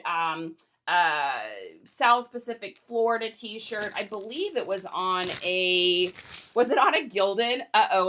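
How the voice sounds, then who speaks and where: A young woman hosts a casual reselling livestream, talking to viewers as she packs orders. Her voice is high and bright. She chats and jokes, reading viewers' comments aloud. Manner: chatty, joking, reads viewer comments aloud. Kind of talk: casual livestream chat while packing orders.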